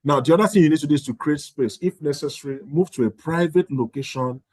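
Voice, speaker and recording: A man's voice: a little high, quick pace, no echo. A man leading an online training session, talking in a conversational way and acting out sample exchanges with parents. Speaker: course facilitator.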